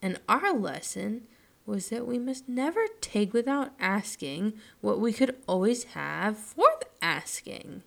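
A woman voicing a gentle, thoughtful rag doll girl, speaking earnestly with a slightly raised voice. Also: medium pitch, very animated, unhurried, gravelly, voice pushed up, exaggerated voice.

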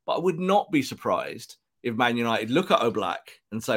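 Male football pod co-host, mid-pitched, animated, drops into quick put-on voices for imagined remarks. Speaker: podcast co-host. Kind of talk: casual football podcast chat. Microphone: podcast microphone.

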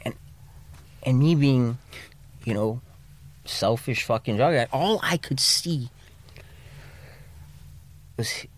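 A man's voice: slow, pauses often. Profane, candid man in the studio. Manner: raw and profane, speaks in restarts, drops low and quiet when emotional. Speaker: podcast guest, recovery coach. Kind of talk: candid podcast conversation. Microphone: studio mic.

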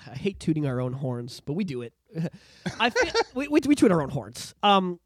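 A podcast co-host in casual chat, ranting with lots of swearing and animated outbursts, recorded on a podcast microphone. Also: mid-range voice, moderate pace, dry recording, clean studio sound.

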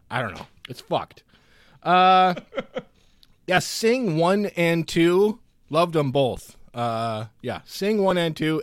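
Man, podcast co-host, lively pitch, casual, profane, dry mic. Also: dry recording. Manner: loose, swears a lot, lively. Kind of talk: casual movie chat.

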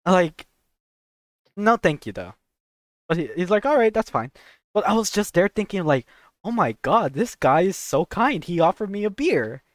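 A young woman co-hosting a podcast, telling a story in a casual, animated way, swearing and acting out voices. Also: on the low side, moderate pace, long pauses, no echo, clean studio sound. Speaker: podcast co-host.

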